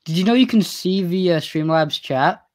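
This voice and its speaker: A man's voice: sits high, lively intonation, moderate pace. A man chatting offhand on a live stream as a friend joining over voice chat.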